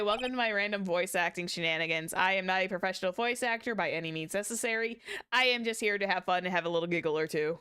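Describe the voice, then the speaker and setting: A woman's voice: mid-range voice, fast talker. A woman streaming a game, reading its text aloud and chatting with jokey asides. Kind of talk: casual let's-play commentary. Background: game music.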